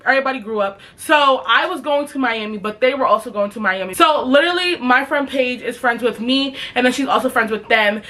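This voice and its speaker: A woman's voice: on the high side, sharp tone. A young woman telling a storytime and answering questions in a chatty, slangy, profane way with lots of fillers. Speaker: vlogger. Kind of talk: casual storytime and Q&A.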